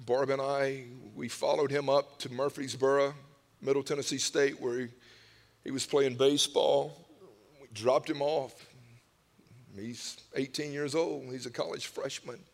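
Emotional preacher in a big hall. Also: male voice, mid-range voice, vocal fry. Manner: emotional storytelling, swings from hushed whispers to loud cries. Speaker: pastor. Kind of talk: sermon. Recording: long hall reverb.

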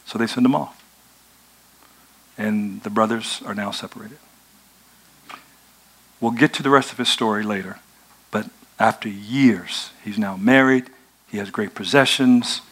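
A male pastor preaching a sermon, retelling a story in a conversational, animated way. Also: on the low side, measured pace, pauses often, breathy edge.

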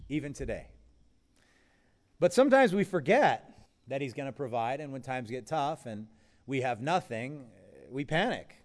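Conversational man preaching a sermon. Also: darkish tone. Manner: conversational, acts out quoted voices with pitch jumps. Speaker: pastor. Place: event with food nearby.

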